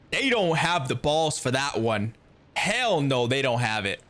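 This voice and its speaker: A man streaming a reaction to a game, talking casually with animated, exasperated outbursts. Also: medium pitch, normal speed.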